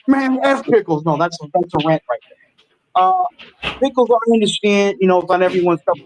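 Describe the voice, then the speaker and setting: A man's voice: high-pitched, slight background noise, low-quality recording. A man co-hosting a casual sports show, rambling and defensive in banter. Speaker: co-host.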